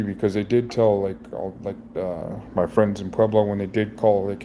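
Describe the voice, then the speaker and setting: A middle-aged man in a personal vlog, talking in a halting, rambling way with many restarts, emotionally raw and near tears. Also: lowish voice, steady tone, mellow, a little hiss or hum. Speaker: vlogger.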